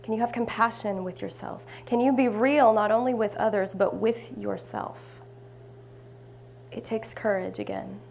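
A woman minister giving a sermon, telling a story with warmth and occasionally dropping to hushed asides. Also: mid-range voice, steady tone, normal speed, gravelly, a little hiss or hum.

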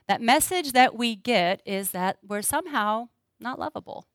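A woman's voice: on the high side, expressive, normal speed, a bit bright, no room sound. A middle-aged woman speaking earnestly to an audience, sharing personal stories and acting out dialogue. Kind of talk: talk to a live audience.

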